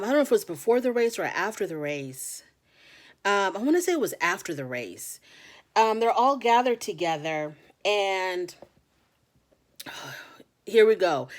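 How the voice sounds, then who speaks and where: A woman hosting a casual reality TV recap, chatty and opinionated, acting out what the cast members said. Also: medium pitch.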